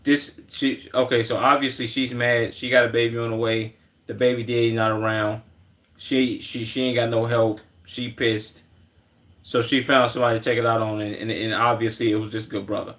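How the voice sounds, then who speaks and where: A man's voice: medium pitch, flat delivery, moderate pace, a bit bright. Laid-back slangy young male streamer. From Chicago. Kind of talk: casual reaction stream.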